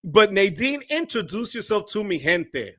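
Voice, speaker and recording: High, bright-voiced male livestream host. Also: big pitch swings, normal speed, dry recording. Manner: hypes up viewers with shout-outs. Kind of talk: energetic livestream chat. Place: home studio.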